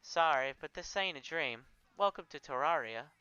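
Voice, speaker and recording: A man voicing a kind, hulking warrior woman with a Southern US accent and a gentle, soothing manner. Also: fairly high pitch, expressive, moderate pace, clean tone, dry recording, dull audio, soft background music. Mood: apologetic.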